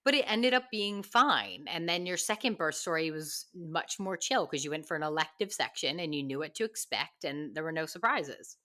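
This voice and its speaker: A woman with a low yet bright, forward voice, co-hosting a casual podcast. She explains medical points plainly and matter-of-factly. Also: lively intonation, moderate pace, few pauses. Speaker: medical student co-host. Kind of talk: casual chat.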